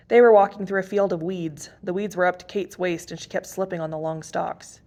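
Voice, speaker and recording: A woman reading a novel chapter aloud in steady storybook narration. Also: on the low side, a little fast, hardly any pauses. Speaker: reader.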